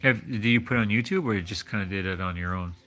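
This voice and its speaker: A man's voice: fairly low pitch, quick pace, pushed and bright. A man hosting a livestream, chatting casually in a rambling, hesitant way with many restarts. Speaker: livestream host. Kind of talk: casual chat.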